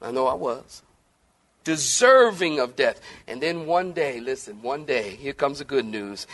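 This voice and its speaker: A male pastor preaching a sermon in a church, animated, swinging between loud emphasis and soft, gentle lines and joking with his congregation. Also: medium pitch, measured pace.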